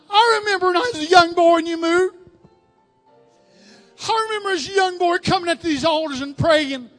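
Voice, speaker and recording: A man preaching a Pentecostal revival sermon, praying in a fervent, chanting way that rises to crying shouts. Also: very high voice. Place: church sanctuary at the altar. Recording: music behind, long church reverb.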